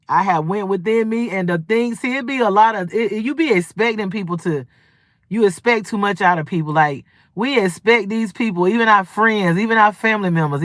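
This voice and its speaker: A woman's voice: medium pitch, fairly bright tone, dry recording, studio quality. A woman, hosting a livestream and talking in a blunt, rambling, profane and preachy casual monologue. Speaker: livestream host. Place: home livestream.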